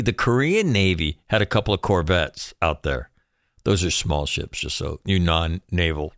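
Brief: deep-voiced male commentator, ex-Marine, irreverent and profane, dry close sound. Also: animated, normal speed, dry recording. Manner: sarcastic, profane asides, jokey. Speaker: military news commentator, former Marine. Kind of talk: casual news commentary.

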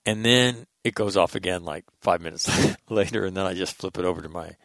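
A middle-aged man tells stories in a brisk, rambling monologue, his lowish voice a bit bright. Casual swearing and restarted sentences run throughout, and the sound is close and dry with no room echo.

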